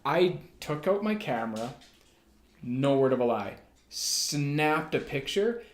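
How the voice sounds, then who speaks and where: A man who plays the bagpipes, a podcast guest telling a travel story in a lively casual way, full of "like" fillers. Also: medium pitch, slow. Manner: animated storyteller, frequent "like" fillers. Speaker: bagpipe player. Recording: roomy echo.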